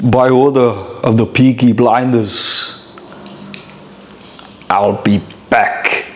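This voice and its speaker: A man impersonating a smug action-movie star, slow and self-satisfied. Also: medium pitch, steady tone, faint music behind, lightly acted. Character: smug action-movie star, pleased with his own catchphrase.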